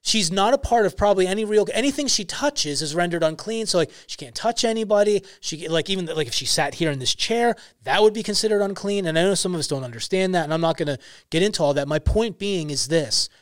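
A young man talks earnestly on a faith podcast, stressing his points and leaning on casual fillers. His voice sits a little high. The sound is dry and close to the mic. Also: lively intonation, fast, few pauses, no room sound. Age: young adult. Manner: earnest, emphatic storytelling with many "like" fillers. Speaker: podcast guest, ministry founder.

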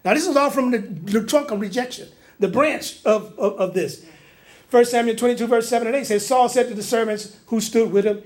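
A man preaching a sermon, animated and humorous, with laughing asides and colloquial speech, acting out the lines he quotes. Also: very high voice, fairly quick. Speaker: pastor.

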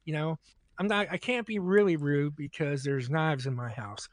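A man's voice: a little high, moderate pace, dry recording, clean studio sound. A man casually telling a long anecdote on a podcast, acting out both sides of the dialogue. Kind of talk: casual storytelling.

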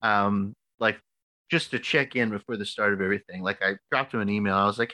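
American man, 30s, podcast co-host, casual storytelling, bright tone, dry sound. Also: lowish voice, fairly quick, no echo. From United States. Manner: animated, filler-heavy storytelling.

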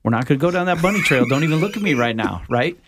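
A man's voice: on the high side, animated, racing, background noise. A man on a faith podcast, speaking in a playful, emphatic way. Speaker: podcast guest. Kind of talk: casual faith podcast chat.

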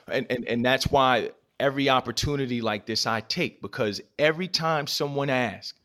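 A man's voice: mid-range voice, moderate pace, pushed and bright. A man speaking as a podcast guest and advocate, telling personal stories in an earnest, emphatic way and repeating phrases for stress. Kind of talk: impassioned personal storytelling.

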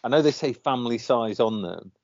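A man co-hosts a casual podcast chat, rambling and hesitant with lots of ums and uhs. His voice is medium in pitch, animated, fairly quick and a little mellow. The recording is dull, lo-fi and dry, with no room sound.

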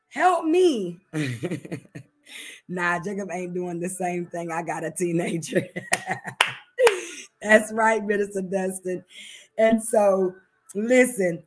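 A middle-aged woman minister preaches in a high, bright voice. She talks in a chatty, animated way, laughs a lot, and jumps between loud bursts and quiet asides. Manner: lively and chatty, laughs often, shifts between loud and hushed. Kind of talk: sermon.

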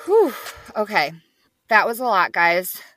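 An upbeat woman in her thirties co-hosts a casual podcast chat and steers it from one segment to the next. Her voice is bright and clear-toned. The recording is dry and close. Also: medium pitch, very animated, unhurried, no echo, faint music behind. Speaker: podcast co-host.

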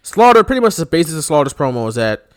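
A man's voice: on the high side, quick pace. A man co-hosting a podcast, chatting casually with laughs and joking asides. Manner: laughing, animated, mock-shouting bits. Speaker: podcast co-host. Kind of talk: casual chat.

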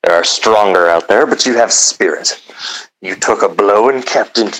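A player voicing a gruff recruiter who judges a newcomer, blunt and measured. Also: sits low, fairly bright tone, low-quality recording.

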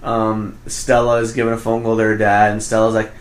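A man in casual podcast chat, retelling a movie plot in quick bursts and acting out the characters' lines. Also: lowish voice, completely flat delivery. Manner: rambling retelling, quick bursts, acts out quotes. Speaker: podcast co-host. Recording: roomy echo.

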